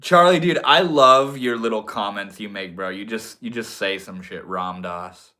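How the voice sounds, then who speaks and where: Bright-voiced laid-back young streamer man. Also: fairly low pitch, moderate pace. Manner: laid-back, slangy, chatty. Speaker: livestream host. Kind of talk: casual livestream chat with viewers.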